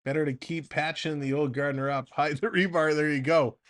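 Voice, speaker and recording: A man calls a baseball game on a live fan stream in a loose, chatty way. His voice sits a bit high for a man, and between pitches he drifts into side chatter. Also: steady tone, normal speed, fairly bright tone. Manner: chatty, wanders into side banter between pitches, laughs often. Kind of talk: casual live play-by-play commentary.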